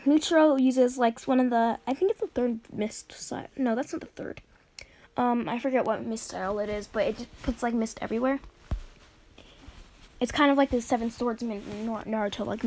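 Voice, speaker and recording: A woman with a fairly high voice narrates a made-up story in loose, casual talk. She rambles, stumbles, and corrects herself as she goes. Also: a little mellow, a little hiss or hum. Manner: rambling, many fillers and self-corrections. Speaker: fan storyteller.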